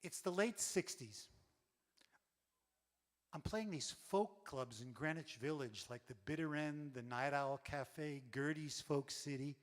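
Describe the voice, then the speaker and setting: Brief: wry storyteller man, slightly high voice, on a reverberant stage. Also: measured pace. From New York. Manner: animated, wry. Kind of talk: comic stage monologue.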